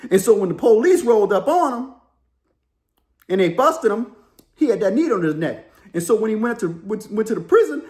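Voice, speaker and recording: Animated man telling prison stories. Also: very high-pitched. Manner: animated, rambling, many "you know"s. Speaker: YouTube host, former prisoner. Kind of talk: casual storytelling.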